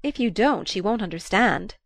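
A woman reading an audiobook, voicing an eager young man who is a dutiful son, with a brisk, coaxing, lightly teasing manner. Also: mid-range voice, lively intonation, vocal fry, dry recording, clean studio sound. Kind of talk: audiobook character voice.

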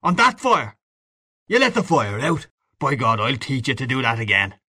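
A man's voice: medium pitch, brisk, no echo, studio quality. A man reading a story aloud and voicing a big, angry, bullying father who barks his words. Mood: furious. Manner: gruff, shouting, menacing.

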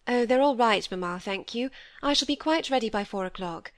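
A woman reading aloud, voicing a lively, charming young woman with a breezy, coaxing manner in a storybook. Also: a little high, a little fast, no echo, pitched above the performer's own voice, natural voice.

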